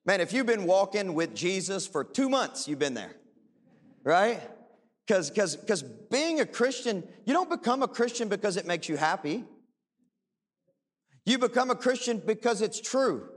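A man pastor preaching a sermon in a church, animated, rising into impassioned pleading. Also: high-pitched, a little slow, long reverb tail. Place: large church hall.

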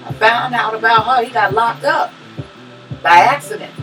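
A woman co-hosting a podcast, telling a personal story in a loose, profane, animated way and laughing often. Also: a little high, normal speed, far from the mic, faint music behind, low-quality recording. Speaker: podcast co-host. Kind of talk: casual storytelling chat.

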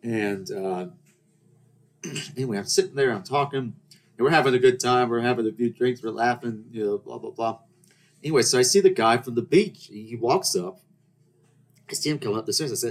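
A man's voice: mid-range voice, expressive, brisk. A young man hosting a podcast, telling rambling, self-deprecating stories about his trip in a casual monologue. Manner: rambling, self-deprecating anecdotes with acted-out quotes. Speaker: podcast host.

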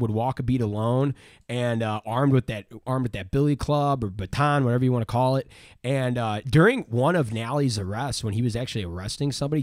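A man's voice: mid-range voice, darkish tone, dry recording, studio quality. A man hosting a podcast, telling a local history story in a rambling way full of fillers and restarts. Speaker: podcast host. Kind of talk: casual history chat.

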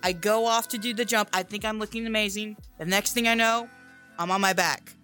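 A man's voice: high voice, a little fast, soft background music. A young man, a podcast co-host, telling a story in casual chat, with plenty of swearing. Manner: profane, animated storyteller.

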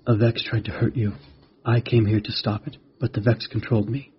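A man voicing a calm, wise glowing mantis guardian in a storybook, speaking gently and explaining patiently. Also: on the low side, fairly quick, lightly acted. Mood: gentle. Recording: dull lo-fi recording.

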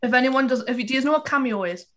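Woman, podcast guest, high-ish voice, giggly, faint background noise. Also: very fast, a bit bright. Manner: giggly, upbeat. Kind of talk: casual chat.

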